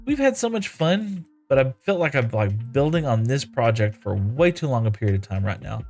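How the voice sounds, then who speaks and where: A man's voice: mid-range voice, big pitch swings, normal speed, darkish tone, soft background music. A man chatting casually while streaming a building game, reading viewer comments aloud and thanking viewers. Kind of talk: casual live-stream chat while playing.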